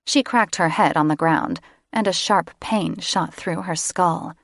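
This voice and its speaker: A woman audiobook narrator giving steady, scripted fantasy narration close to the microphone. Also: on the low side, unhurried, vocal fry, no room sound. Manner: steady storytelling. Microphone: close studio microphone.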